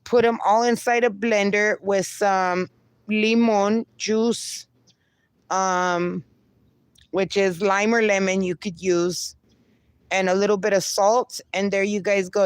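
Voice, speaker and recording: A woman's voice: mid-range voice, fairly even intonation, slow pace, clear, resonant tone, no echo. A woman hosting a casual livestream, reading viewer comments aloud and teasing them with frequent laughter. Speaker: livestream host reading chat. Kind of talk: casual live chat.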